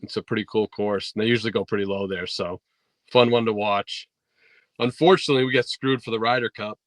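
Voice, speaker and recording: A man from New tells golf stories in a loose, easygoing way, stopping and restarting often. His voice sits fairly low and sounds dry and close, with no room echo. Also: fairly quick. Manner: relaxed storytelling with fillers and restarts. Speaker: podcast guest, golf instructor. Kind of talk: casual interview chat. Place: podcast studio.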